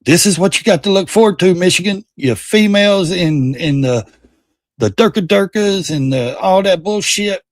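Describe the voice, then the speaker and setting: A man's voice: high voice, animated, moderate pace, no echo, studio quality. A man hosting a livestream, ranting in a heated, profane and mocking way. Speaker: livestream host. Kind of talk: casual political rant.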